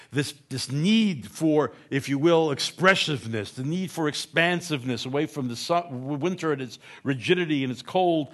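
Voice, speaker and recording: A man giving a humorous lecture in a conversational way, often asking "right?" and correcting himself mid-word. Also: medium pitch.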